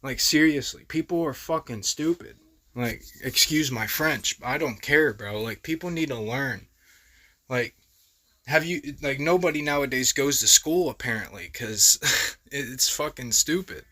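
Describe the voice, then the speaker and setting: A man's voice: mid-range voice, a little slow, pushed and bright. A young man hosting a reaction video, talking in heated, profane, exasperated casual commentary.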